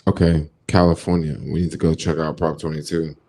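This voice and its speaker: A man's voice: extremely low pitch, level tone, fairly quick, dark tone. An American man chatting casually on a livestream, laid-back and slangy, thinking aloud as he answers viewers' comments. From United States. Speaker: vlogger reading viewer comments.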